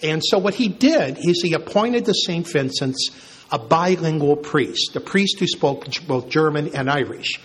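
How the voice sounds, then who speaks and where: Husky older priest telling stories. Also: male voice, on the high side, animated, a little slow, a bit bright. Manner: conversational, anecdotal, with chuckles. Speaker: priest and church historian. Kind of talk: informal history talk.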